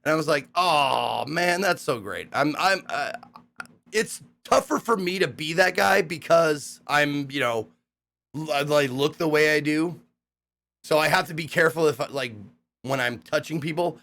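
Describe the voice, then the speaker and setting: A young man tells stories from a recent hosting gig in a loose, rambling way, swearing freely and bursting into excited voices when he quotes people. His pitch sits a little high and swings widely as he talks. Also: measured pace, creaky. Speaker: streamer recapping a hosting gig. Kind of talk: casual storytelling recap.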